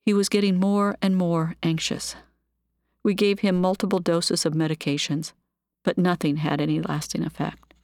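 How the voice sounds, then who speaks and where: A woman calmly reading her own memoir of work as a nurse, with measured, even storytelling. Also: fairly low pitch, no echo, clean studio sound.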